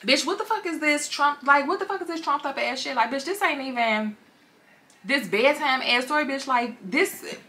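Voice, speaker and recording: A woman's voice: sits high, expressive, moderate pace, pushed and bright, voice pushed up. A woman doing a brash cursing newspaper boss. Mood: scolding. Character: blunt, demanding female newspaper boss.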